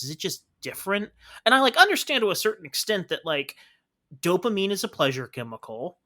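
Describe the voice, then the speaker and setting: A man's voice: a little high, sharp tone. A man co-hosting a casual podcast, giving his opinions as he thinks aloud, with "um"s and sighs. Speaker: podcast co-host.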